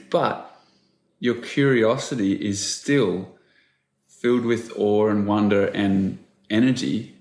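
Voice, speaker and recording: Low gravelly male podcast host. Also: echoey room. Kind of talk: interview questions.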